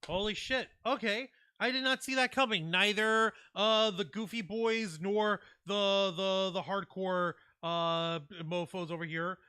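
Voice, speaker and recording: A man co-hosting a wrestling podcast, reacting quickly and excitably, swearing freely and reading out chat comments. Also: high-pitched, clear, resonant tone, no echo. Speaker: wrestling show co-host.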